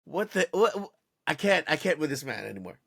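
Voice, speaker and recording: Guy on a basketball podcast going off, kinda high voice, keeps restarting, super dry sound. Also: a little fast, gravelly, husky, no echo. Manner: animated, exasperated ranting with many restarts. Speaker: podcast co-host. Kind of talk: casual sports podcast chat.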